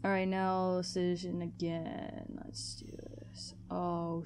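A woman's voice: lowish voice, monotone, slow, darkish tone, a little hiss or hum. A woman gamer giving casual commentary on a horror game, swearing freely and talking back at the game. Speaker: let's play gamer.

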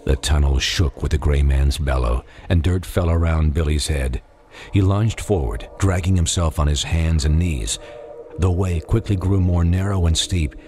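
A man narrating a dark audiobook in measured, dramatic storytelling. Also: very deep voice, a little hiss or hum. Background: music.

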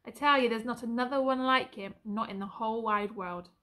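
Earnest young soldier lad, pleading and eager, a bit higher pitched, read by a woman. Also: fairly quick, pushed and bright. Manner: urgent, emotional pleading.

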